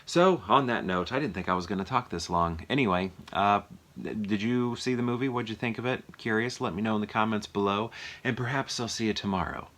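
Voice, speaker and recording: A man's voice: lowish voice, fairly quick, a bit bright. A man casually reviewing a film as a vlog host, rambling with lots of fillers and chuckles. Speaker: movie review vlogger. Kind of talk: casual chat.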